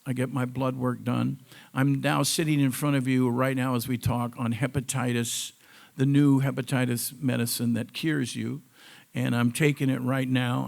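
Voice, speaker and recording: A man's voice: mid-range voice, gravelly, fairly bright tone. A man giving a personal testimonial to a live audience, in a conversational storytelling manner that wanders off on side notes. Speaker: cancer survivor giving a testimonial.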